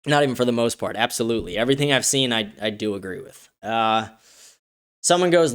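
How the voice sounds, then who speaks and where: Smooth-voiced blunt livestream host. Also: male voice, medium pitch, expressive, fairly quick, fairly bright tone. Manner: blunt, profane, offhand. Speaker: show host. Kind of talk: casual livestream commentary reading chat comments.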